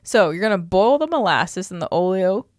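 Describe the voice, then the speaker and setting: A woman co-hosting a casual podcast, reading old recipes aloud in a brisk, chatty rhythm. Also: fairly low pitch, expressive, darkish tone, no room sound, studio quality. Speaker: podcast co-host.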